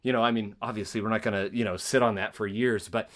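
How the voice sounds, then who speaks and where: A Spokane, Washington-area man hosts a podcast, talking fast in a lowish, slightly bright voice with fairly even intonation. In this conversational interview he tells a personal story earnestly, rambling and restarting many times.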